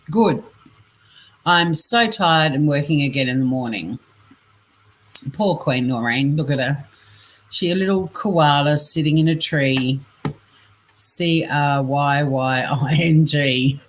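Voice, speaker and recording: A woman's voice: low-pitched, takes it slowly, pauses often. An Australian woman hosting a casual livestream, reading scam messages and chat aloud, chatty, laughing often and swearing freely. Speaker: scambaiting livestream host.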